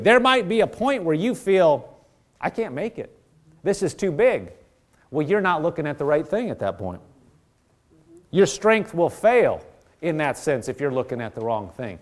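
A man preaching a sermon, earnest and exhorting, often repeating phrases and restarting his sentences. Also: high voice.

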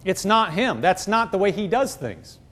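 A man's voice: sits high, big pitch swings, normal speed, fairly bright tone. A man preaching a sermon as pastor, emphatic, throwing rhetorical questions at the congregation.

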